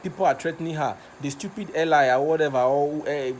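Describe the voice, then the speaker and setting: A vlogger with a Nigerian accent records a passionate rant video in a fairly high voice at a brisk pace, with a little hiss or hum in the audio. Getting worked up, he repeats himself and trips over his words.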